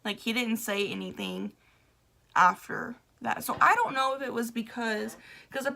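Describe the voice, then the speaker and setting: Gushing young woman with a bright voice. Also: fairly high pitch, unhurried, gravelly. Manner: gushing, excitable, with laughs and self-interruptions. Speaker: vlogger. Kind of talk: casual storytelling to camera.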